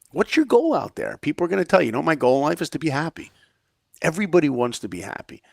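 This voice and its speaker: A middle-aged man telling a story with lots of energy, his voice gravelly with fry. He acts out the lines he quotes, jumping up high and dropping low. The sound is dry and close, with no room around it. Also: dry recording. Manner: energetic, acts out quoted lines with big swings in pitch and volume. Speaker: podcast guest, filmmaker and speaker. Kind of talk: animated storytelling in conversation.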